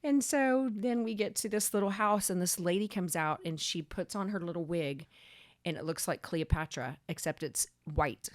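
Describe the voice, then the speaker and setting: A woman tells a wild story on her podcast, animated and a little foul-mouthed, rushing ahead when she gets worked up. Her voice sits on the low side, recorded close and dry. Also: no room sound. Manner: animated, swearing, rapid bursts when excited. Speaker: podcast co-host. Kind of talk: casual storytelling chat.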